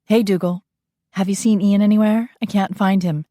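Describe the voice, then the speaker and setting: A woman's voice: mid-range voice, fairly even intonation, moderate pace, warm tone, no room sound, pitched above the performer's own voice, lightly acted. A woman voicing a young female bodyguard who talks in a blunt, direct way, in an audiobook. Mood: plain.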